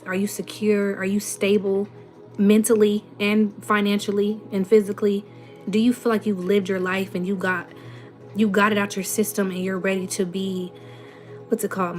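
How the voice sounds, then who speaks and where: A young woman with a Southern US accent talks casually to her audience, reading comments and answering them bluntly with plenty of sass. Her pitch sits in a middle range, and faint music plays in the background. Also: flat delivery, moderate pace, a little mellow. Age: 20s. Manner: blunt, sassy, rhetorical questions. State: runny nose. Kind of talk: casual livestream chat.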